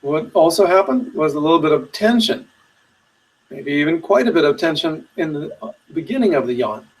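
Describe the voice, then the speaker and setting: Calm man guiding a meditation. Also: on the high side, distant mic, rough recording. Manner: slow, soothing guided instruction with long pauses. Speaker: meditation teacher. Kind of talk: webinar instruction.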